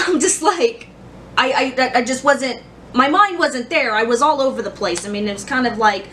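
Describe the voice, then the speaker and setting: A woman in her thirties talks through her story in a casual, rambling vlog, circling back on herself with restarts and ums. Her voice sits a little high. She is a bit far from the mic, with faint noise behind her. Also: lively intonation, moderate pace, fairly bright tone. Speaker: vlogger.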